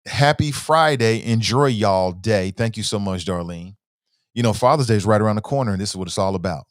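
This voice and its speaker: A man's voice: fairly low pitch, brisk, dry recording, studio quality. A man hosting a talk show in a casual livestream commentary style, reading viewer comments aloud and often starting with "uh", then stressing words as he argues his points.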